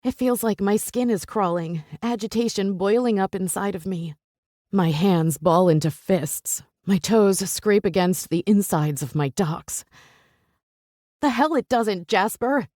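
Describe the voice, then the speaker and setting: A woman's voice: medium pitch, a little slow, warm tone, dry recording, clean studio sound. Woman narrating an intense romance audiobook. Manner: intense, emotional first-person storytelling.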